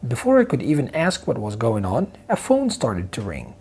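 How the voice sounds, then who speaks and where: A man narrating a dramatic first-person story with a husky voice and expressive delivery. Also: mid-range voice, normal speed.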